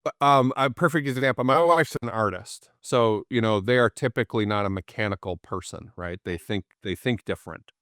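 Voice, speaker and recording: A man with a fairly low voice is the guest in a casual interview, speaking fairly quickly in clean, dry studio sound. He tells anecdotes with animation, acting out the people in them.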